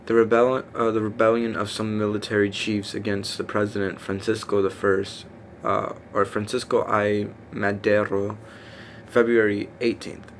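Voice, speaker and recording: A man reading a list aloud in a casual, halting way, stumbling over names with fillers and self-corrections. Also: on the low side, level tone. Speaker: reader. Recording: faint background noise.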